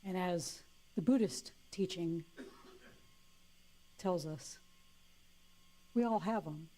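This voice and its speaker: A woman minister giving a playful, warm sermon, laughing easily. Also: on the low side, takes it slowly.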